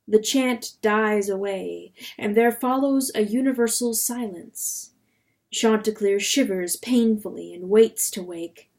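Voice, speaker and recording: A woman narrating a novel as a dramatic reading, measured and expressive. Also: medium pitch, gravelly.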